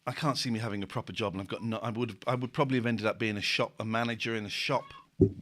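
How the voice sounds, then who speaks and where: A man's voice: lowish voice, steady tone, very fast, a bit bright. A man hosting a casual late-night stream, reading out viewer comments with wry asides. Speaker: stream host.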